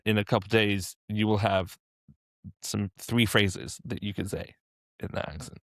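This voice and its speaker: A man's voice: fairly low pitch, steady tone, measured pace, dry recording, clean studio sound. A man who works as a dialect coach, answering interview questions with practical, step-by-step advice. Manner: practical, encouraging, explains step by step.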